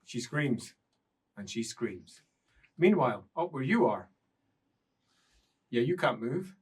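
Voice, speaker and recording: A man's voice: mid-range voice, very animated, slow, breathy edge, far from the mic. A man narrating as game master in a tabletop role-playing game, playful and often laughing.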